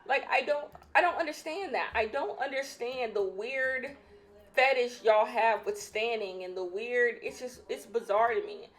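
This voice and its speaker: A woman's voice: fairly high pitch, unhurried, a bit bright. A young woman hosting a casual solo podcast, opinionated and emphatic, repeating her points, a bit out of breath. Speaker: podcast host.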